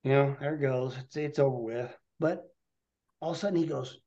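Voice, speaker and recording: A man's voice: medium pitch, brisk, dark tone. A man, a podcast guest, telling a rambling hunting story in vivid detail and a casual way. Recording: dull lo-fi podcast audio.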